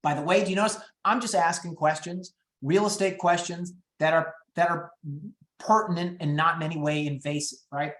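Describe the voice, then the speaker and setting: High-energy man teaching real estate scripts. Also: fairly even intonation, a bit bright, reverberant. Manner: high-energy, upbeat and quick-moving. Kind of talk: training webinar talk.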